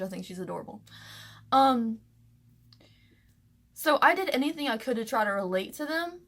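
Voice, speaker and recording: A young woman from the American South talks to camera about her past, her voice sitting a little high. She stays close to tears throughout, halting and restarting with plenty of fillers. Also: fairly bright tone. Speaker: vlogger. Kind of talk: personal storytelling to camera.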